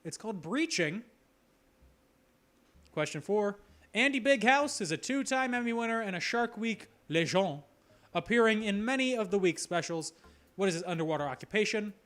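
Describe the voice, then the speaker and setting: High-pitched joking quiz host man. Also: lively intonation, moderate pace, a bit bright. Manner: jokey, playful asides. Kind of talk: live trivia hosting.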